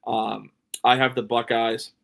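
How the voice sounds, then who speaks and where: A man hosting his own sports podcast alone, giving his picks in a loose, opinionated way. His voice sits at an ordinary middle pitch, and he sounds a bit sleepy, trailing into ums and restarted phrases. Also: flat delivery, unhurried, creaky, fairly bright tone. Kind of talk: solo sports preview talk.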